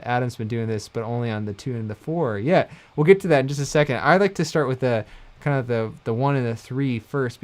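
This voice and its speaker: A man giving a casual livestream mandolin lesson, talking in a relaxed, rambling way and correcting himself often. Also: mid-range voice. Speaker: mandolin teacher. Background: mandolin playing between phrases.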